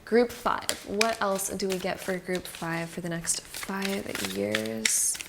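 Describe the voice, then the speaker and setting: A woman's voice: medium pitch, very animated, takes it slowly, very noisy. A woman giving a casual, reassuring tarot card reading, speaking straight to the viewer with frequent fillers.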